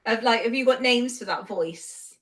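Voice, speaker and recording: A woman's voice: fairly high pitch, normal speed, a bit bright. A woman co-hosting a podcast who chimes in with short, supportive remarks and questions. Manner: brief supportive interjections. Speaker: podcast co-host. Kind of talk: casual chat.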